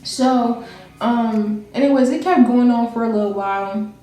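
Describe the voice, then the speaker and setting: A woman's voice: on the high side, normal speed, warm tone. A young woman telling a personal story in casual chat, rambling and laughing as she goes. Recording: very echoey room with faint music.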